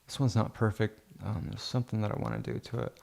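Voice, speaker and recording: Low gravelly man muttering while editing. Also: big pitch swings, fast talker, a little mellow. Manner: mutters to himself between sarcastic teasing rants. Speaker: photo editor streaming live. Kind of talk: livestream editing commentary.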